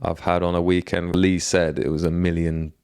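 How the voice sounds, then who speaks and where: A young man from England co-hosting a podcast, relaxed and agreeable in casual chat, laughing along. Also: deep voice, moderate pace, smooth. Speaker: podcast co-host.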